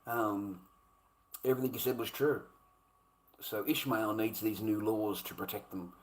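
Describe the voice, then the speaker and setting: A man's voice: lowish voice, fairly even intonation, a little slow, pauses often. A man delivering a heated, profane, repetitive rant in a monologue. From Australia. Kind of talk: ranting monologue.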